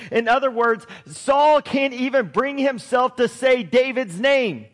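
A man preaching a sermon, retelling a scripture story in a lively way and reading verses aloud. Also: very high voice, measured pace, few pauses.

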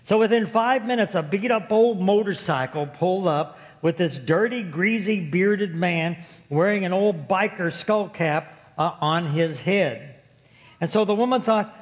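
A man's voice: high-pitched, measured pace. A man preaching a sermon to his congregation, folksy and storytelling, joking with the room. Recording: long hall reverb.

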